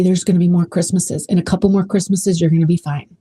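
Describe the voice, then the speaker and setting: A woman's voice: fairly low pitch, steady tone, fast talker, mellow, breathy edge. A woman hosting her own podcast, talking casually and emotionally with many restarts. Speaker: podcast host. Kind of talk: casual solo podcast talk.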